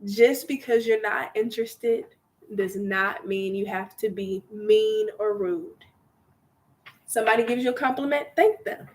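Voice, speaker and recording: A woman's voice: medium pitch, a little slow. A young woman hosting a live online workshop, chatty and playful, who laughs often and acts out quoted lines in little voices. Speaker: workshop host.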